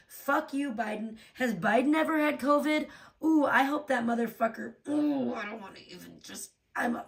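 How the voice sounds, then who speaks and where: A woman hosting a casual livestream, recovering from a sore throat and ranting with heavy profanity, jumping from low, tired talk to loud outbursts. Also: fairly quick. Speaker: livestream host. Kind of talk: casual livestream chat reading donations.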